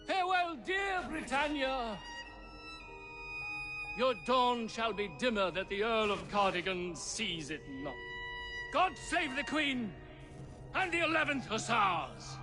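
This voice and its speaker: An actor playing a pompous, theatrical British aristocratic cavalry officer, speaking grandly in a game cutscene. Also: male voice, very high voice, expressive, slow pace, pauses often, over music, heavily acted. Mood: grandly dying.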